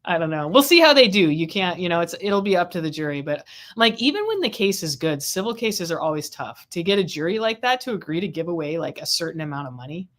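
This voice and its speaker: A woman's voice: on the low side, sing-song, fast. A woman hosting a casual talk about a court trial, chatty and rambling with frequent restarts, speaking over a video call. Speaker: legal affairs host.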